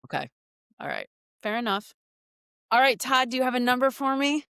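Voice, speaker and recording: A woman's voice: sits high, animated, moderate pace, fairly bright tone, clean tone, dry recording, clean studio sound. A woman hosting a casual podcast chat, playful and upbeat as she quizzes her colleagues. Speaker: podcast host.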